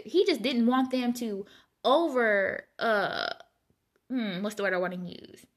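A woman reading Bible passages aloud and reflecting on them in a casual, conversational way. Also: on the high side. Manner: conversational, reads scripture aloud then muses informally. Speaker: Bible study vlogger.

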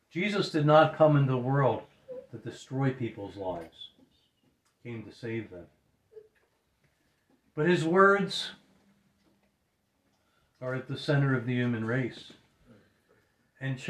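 An earnest male preacher delivers a sermon at a measured pace, his voice sitting in a middle register. He drops to a hush when he quotes scripture. The sound is roomy, with a clear echo around him. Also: medium pitch. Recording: roomy echoing hall.

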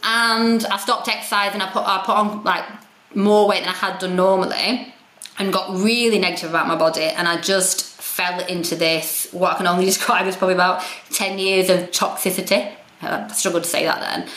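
A woman's voice: on the low side, sharp tone. A woman, a podcast guest, telling her story candidly, frank and self-deprecating with plenty of swearing. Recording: roomy echo.

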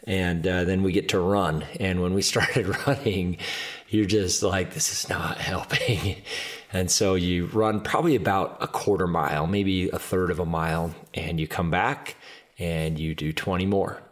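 A man's voice: deep voice, steady tone, normal speed. A man hosting a podcast and telling a personal story in an earnest, conversational way, with frequent "like" fillers. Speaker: podcast host. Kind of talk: casual storytelling.

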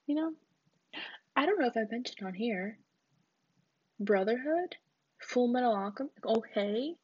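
A woman's voice: a little high, animated, measured pace, breathy edge, dry recording. A young woman rambling in a casual solo chat, giggly and full of fillers, on a dull lo-fi recording. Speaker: podcast host.

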